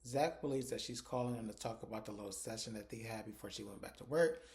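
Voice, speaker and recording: A man's voice: lowish voice, fast talker, a little mellow. A man giving a casual recap of a TV episode, retelling it chattily through quoted dialogue. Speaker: TV episode reviewer.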